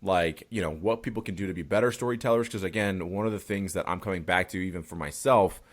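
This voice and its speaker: A man's voice: low voice, fast. A man hosting a podcast interview, talking in a loose, chatty way and swearing casually. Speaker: podcast host.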